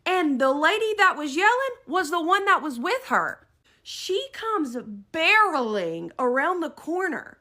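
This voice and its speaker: Animated woman telling a story. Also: very high-pitched, a little slow. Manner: animated, dramatic retelling. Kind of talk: storytime narration.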